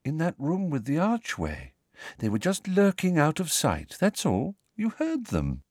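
A man voicing a dreamy, serene teenage girl witch in an audiobook, calm and matter-of-fact. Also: a little high, a little slow, no echo, clean studio sound, pitched above the performer's own voice, full character voice.

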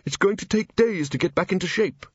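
A man doing a shrill, indignant dust vampire. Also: a little fast, breathy edge, dry recording, dull audio. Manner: complaining, fussy, shrill.

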